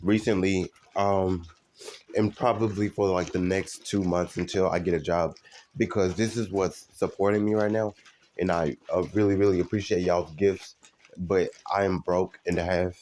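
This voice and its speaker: A man live streaming, talking casually to his viewers in a halting way, full of ums and restarts. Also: low-pitched, steady tone, darkish tone, a little hiss or hum. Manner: halting, many fillers and restarts.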